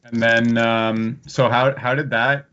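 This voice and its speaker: A man's voice: mid-range voice, little pitch movement, slow pace, pushed and bright, smooth. A man hosting a podcast, asking loose, chatty questions in a casual interview. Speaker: podcast host. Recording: dull lo-fi sound.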